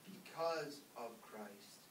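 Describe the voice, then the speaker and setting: A man's voice: animated, extremely slow. A man, a priest, giving an informal, conversational ethics lecture and acting out examples. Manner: conversational, emphatic, acts out examples. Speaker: Catholic priest teaching ethics. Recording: roomy, distant mic, faint rumble.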